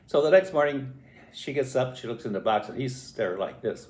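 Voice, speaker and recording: An older man telling a family story in a casual, animated way, acting out voices and sounds as he goes. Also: medium pitch, moderate pace. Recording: roomy echo.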